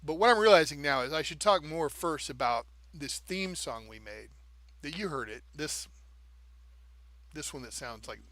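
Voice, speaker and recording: A man co-hosting a live stream walks through his points one by one, often tapping out a beat with "da, da" and asking "okay?" along the way. His voice is bright and a little high, and the sound is close and dry. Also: animated, normal speed, no room sound. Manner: explains step by step, checks in with "okay?" and "right?"; taps out rhythms with "da, da". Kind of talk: casual explaining on a live stream.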